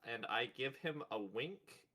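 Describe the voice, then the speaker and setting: A player in a tabletop game, talking in a playful, animated way. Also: medium pitch, slow pace. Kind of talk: casual tabletop play.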